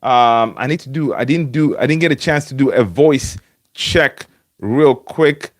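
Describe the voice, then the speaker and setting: A man's voice: medium pitch, a little slow, no room sound, studio quality. A man hosting a casual fan live stream from home, chatting with viewers by name and using lots of fillers and restarts. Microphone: home streaming setup with webcam.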